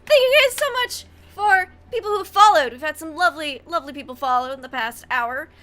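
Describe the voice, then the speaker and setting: Bright-voiced woman game master, chatty. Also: high-pitched, a little fast. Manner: chatty, filler-heavy, upbeat. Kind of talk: narrating a tabletop game. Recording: faint background noise.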